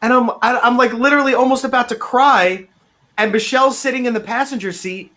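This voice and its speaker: A man co-hosting a podcast, telling a story in casual, animated style and swearing freely. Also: very high-pitched, fairly quick. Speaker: podcast co-host.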